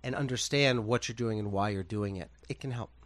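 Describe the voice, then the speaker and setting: A man, a fashion designer, telling lively stories in a casual interview and acting out other people's voices. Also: on the low side, fairly quick. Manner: animated, acts out quoted voices, laughs often.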